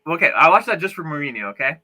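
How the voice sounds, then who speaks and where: Opinionated dude on a sports podcast, fast and sharp-sounding. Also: male voice, a little high, sing-song. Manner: blunt, opinionated. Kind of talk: casual sports chat.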